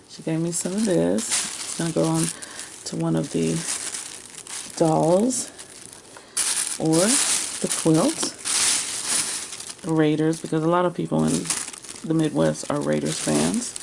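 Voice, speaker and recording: Gravelly woman chatting at home. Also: low-pitched, background noise. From United States. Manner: chatty, talks to herself while rummaging, laughs often. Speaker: crafter and vlogger. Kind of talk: casual chat to viewers. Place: home sewing room.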